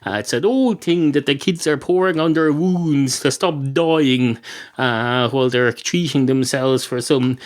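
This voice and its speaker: A man's voice: medium pitch, measured pace, voice pushed up, natural voice. A man voicing a lazy, rambling male building-site foreman who chats and wanders off topic. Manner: chatty, digressive, casual.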